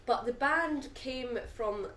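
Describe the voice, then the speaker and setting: A woman with a Scottish accent co-hosting a casual podcast, telling animated anecdotes. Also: a little high, slow. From Scotland. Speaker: podcast co-host. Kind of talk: casual chat. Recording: echoey room, distant mic, faint noise.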